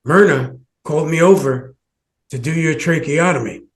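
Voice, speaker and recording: A man's voice: fairly high pitch, moderate pace, close to an everyday voice. A man voicing a male surgeon retelling a story in a matter-of-fact way.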